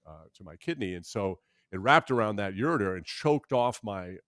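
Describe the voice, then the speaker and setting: A man in his sixties tells stories in a bright, forceful voice that sits a little low. He talks with halting restarts, then jumps into animated put-on voices for the people he quotes. The sound is close and dry, with no room around it. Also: dry recording. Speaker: interview guest. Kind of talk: candid storytelling conversation.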